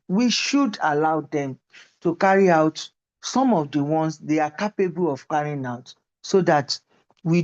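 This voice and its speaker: A woman's voice: lowish voice, a little mellow, dull audio. A woman lecturer giving a university lecture and teaching through personal stories.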